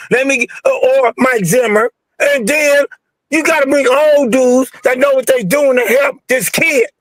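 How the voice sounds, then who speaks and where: A man's voice: very high-pitched, measured pace, a bit bright, no room sound. A man calling in to a sports talk show, ranting angrily and repetitively in slangy speech about his team. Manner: fired-up, angry, repetitive, slangy. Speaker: caller ranting about football. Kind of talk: heated sports call-in rant.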